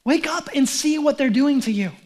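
A man's voice: very high-pitched, animated, moderate pace, darkish tone, voice pushed up. A man acting out an impassioned apostle who pleads with his followers in an urgent, emphatic way. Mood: pleading.

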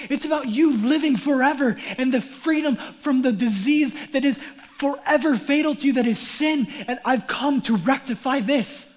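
A man with a very high voice delivers a sermon as pastor. He acts out mocking crowd voices, then drops to a hush before rising to a shout. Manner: swings from hushed whispers to shouting.

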